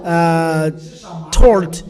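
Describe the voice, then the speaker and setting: Slow, high-voiced male preacher. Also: darkish tone, faint music behind. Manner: emphatic, repeating and correcting himself while citing verses. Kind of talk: sermon.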